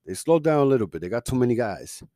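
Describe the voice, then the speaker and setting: A man's voice: medium pitch, very animated, quick pace, mellow, no room sound. A man hosting a casual podcast, ranting in a heated, opinionated way with frequent fillers and restarts. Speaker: podcast host.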